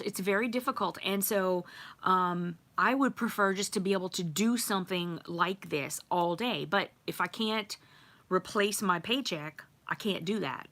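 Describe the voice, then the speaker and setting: Bright-voiced chatty woman host. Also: mid-range voice, measured pace. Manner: chatty, rambling, laughs often, many ums. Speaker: livestream host. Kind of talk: casual live chat reading comments.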